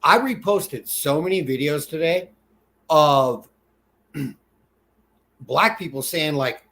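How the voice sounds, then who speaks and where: Rambling, halting man co-host. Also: fairly high pitch, expressive, fairly bright tone. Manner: rambling, halting, many fillers and restarts. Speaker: podcast co-host. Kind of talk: casual political chat.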